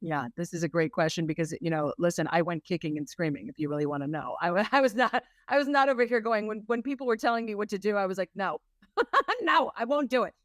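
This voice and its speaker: Animated woman coach on a podcast. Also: lowish voice, quick pace, few pauses, no room sound. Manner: lively and animated, acts out quotes in raised voices. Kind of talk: conversational interview.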